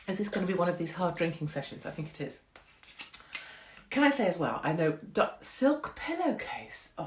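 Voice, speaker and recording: A woman's voice: fairly low pitch, echoey room, slight background noise. Chatty, swearing middle-aged woman livestreaming. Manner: chatty, rambling, swears freely, self-mocking. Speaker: host of a live social-media stream. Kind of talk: casual chat with live viewers.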